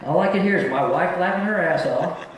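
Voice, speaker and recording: A man's voice: high voice, brisk, very echoey, heavy background noise. A middle-aged man doing a live stand-up set on a comedy club stage, telling stories in a plain-spoken, folksy way.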